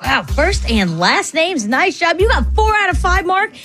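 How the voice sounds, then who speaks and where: A woman hosting a morning radio quiz show, brisk and playful, quick to laugh. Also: very high voice, very animated, a bit bright, faint music behind.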